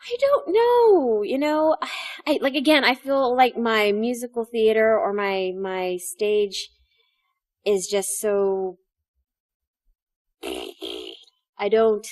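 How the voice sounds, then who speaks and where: A woman being interviewed about her stage acting, telling stories in an animated way and acting out the lines she quotes. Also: fairly high pitch, slow, long pauses, dry recording. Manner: animated storytelling, acts out quotes. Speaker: stage actress, guest. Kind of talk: interview conversation.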